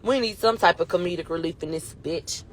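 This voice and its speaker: A woman's voice: fairly low pitch, a little fast. A woman recapping a court case in a casual retelling, blunt and profane, acting out the dialogue she quotes.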